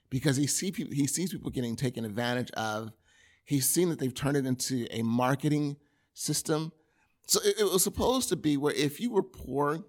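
A man preaching a sermon in a conversational, animated way, with everyday examples. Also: medium pitch.

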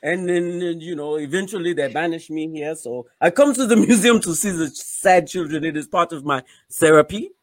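A man playing a banished French woman comic with a put-on French accent, speaking in a halting, earnest way. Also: on the high side, no room sound, close to an everyday voice.

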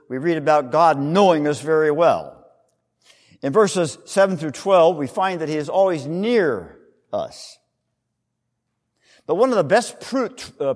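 A male pastor preaching a sermon, teaching in an explanatory way with emphatic rises and soft trailing drops. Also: on the high side, big-room sound.

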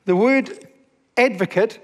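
A man preaching a sermon as a pastor, reading scripture slowly and asking the congregation questions. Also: high voice, long reverb tail.

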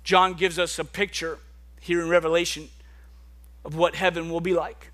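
His pitch fairly high and his pace moderate, a young man delivers a lively sermon that shifts from gentle quiet moments to loud, stressed bursts.

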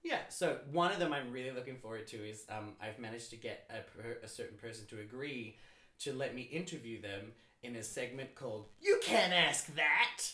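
A man co-hosting a podcast in casual chat, excitable and quick, laughing often. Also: mid-range voice, echoey room. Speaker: podcast co-host.

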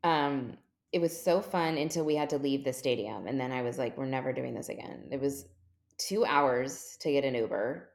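A woman's voice: rumbling low, moderate pace, gravelly. A woman in her forties, a podcast guest, telling a long funny story in casual chat and jumping into quoted voices. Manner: animated, jumps into quoted voices.

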